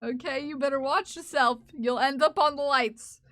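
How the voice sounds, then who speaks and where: A woman's voice: sits high, steady tone, moderate pace, a bit bright. A woman live streamer chatting casually with her viewers while knitting, playfully and teasingly scolding them in mock outrage. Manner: giggly and teasing.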